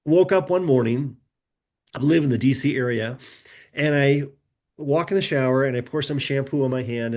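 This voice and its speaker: A middle-aged man tells personal stories as a podcast guest. His voice sits at an ordinary middle pitch. He relays conversations with easy, animated energy. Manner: animated storyteller, recounts conversations in a lively back-and-forth. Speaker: guest author. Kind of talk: conversational storytelling.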